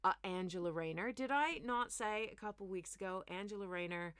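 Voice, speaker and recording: A woman comedian hosts a comic news rundown, talking with a mid-range voice. She rants with sarcastic, animated asides. The sound is dry and close, with no room echo. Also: mid-range voice, a little fast, clean tone. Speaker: comedian host.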